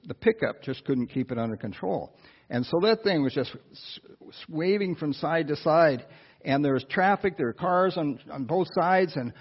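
Husky man telling a sermon story. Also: medium pitch. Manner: animated personal storytelling with asides to listeners. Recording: dull lo-fi sound.

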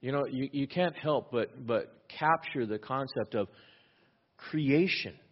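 A man preaching a sermon, asking rhetorical questions and repeating key phrases, often dropping to a hushed, intense tone. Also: medium pitch, lo-fi sound. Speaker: pastor.

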